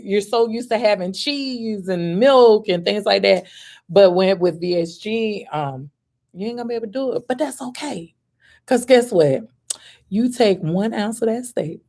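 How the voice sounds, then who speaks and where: A woman's voice: medium pitch, dark tone. Woman, 40s, vlogger. Casual and candid, talks to herself with "girl" and "baby.". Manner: chatty and candid, laughs easily, pauses with ums; gives herself a pep talk with "girl" and "baby". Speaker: vlogger answering questions. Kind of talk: casual chat.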